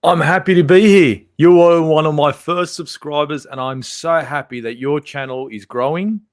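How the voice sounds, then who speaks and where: A man with an Australian accent, chatting as a guest on a livestream in an animated way. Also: fairly high pitch, normal speed, no room sound, studio quality. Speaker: guest YouTuber. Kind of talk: casual livestream chat.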